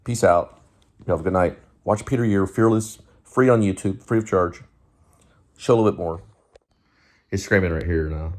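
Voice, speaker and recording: Deep-voiced rambling male vlogger. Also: moderate pace, long pauses, darkish tone. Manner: rambling, digressive, gropes for names. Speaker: vlogger host. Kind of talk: casual rambling movie talk. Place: at home near a TV.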